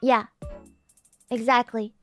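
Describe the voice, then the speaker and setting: High-voiced woman streamer, slow unhurried rambling, giggly, lil bit of music behind. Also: level tone, a bit bright. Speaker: VTuber streamer. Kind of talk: casual stream chat.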